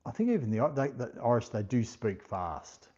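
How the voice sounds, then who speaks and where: With big pitch swings in a husky, slightly mellow mid-range voice, an Australian man chats unhurriedly on a casual livestream. He speaks slowly, reading out comments and thanking viewers individually by name, and the audio is dull and lo-fi.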